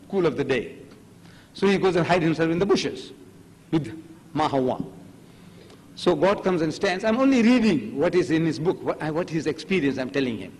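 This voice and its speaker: Older male lecturer, Gujarati native, animated storyteller with a lively pitch, recorded in an echoey hall. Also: normal speed, long pauses, very noisy. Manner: animated storytelling, acting out dialogue. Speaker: religious lecturer. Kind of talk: public religious lecture.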